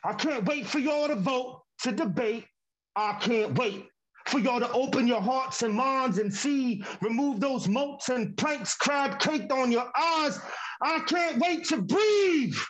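Man, very high voice, spoken word poet, rhythmic, impassioned, video call. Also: measured pace, poor audio. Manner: rhythmic, impassioned, building to shouts.

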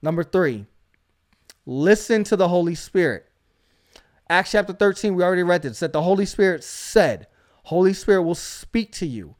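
A man's voice: high voice, lively intonation, normal speed, a little mellow. A man hosting a faith podcast, preaching with emphatic energy and frequent call-outs to his listeners.

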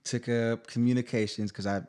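With a medium-pitched voice at normal speed, a guest singer-songwriter in his thirties shares his life story in an easygoing interview. He's animated, laughs frequently, and restarts his sentences.

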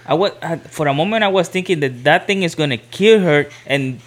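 A man in a casual chat at home, laughing often and speaking in halting phrases. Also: fairly high pitch.

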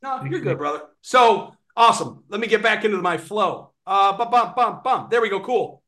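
A man giving an energetic sales training talk on a video call, animated and acting out sales pitches. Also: moderate pace. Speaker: webinar presenter on sales financing.

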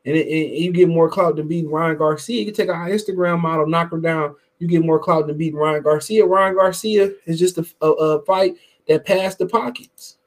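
A man's voice: a little high, fairly even intonation, moderate pace. A man hosting a boxing podcast, giving heated, profane casual commentary while greeting his live chat. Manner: profane, heated, emphatic and repetitive.

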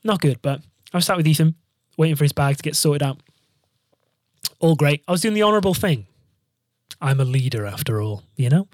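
A man's voice: a little high, fairly quick, pauses often, no echo, studio quality. A young man and band frontman telling a travel story in a casual monologue, swearing freely and acting out what people said. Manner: swears freely, animated, acts out quotes. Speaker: band frontman hosting a podcast.

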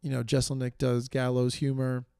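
This New York man's solo podcast comes in a monotone, medium-pitched voice at normal speed, creaky, mellow, and smooth. He rambles with many fillers and jokes at his own expense, clearly tired and losing energy. The studio sound is clean and echo-free.

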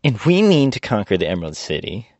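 A man's voice: huge pitch swings, fast talker, a little mellow, dry recording. A man reading aloud and voicing a fierce, determined young woman general who leads a revolt, in a raised voice. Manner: determined, commanding, falsetto-ish. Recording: dull dry recording.

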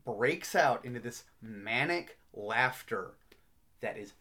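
A man's voice: mid-range voice, animated, takes it slowly, bright, forceful tone. Man telling film history anecdotes. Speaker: podcast co-host. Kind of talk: casual film discussion, storytelling.

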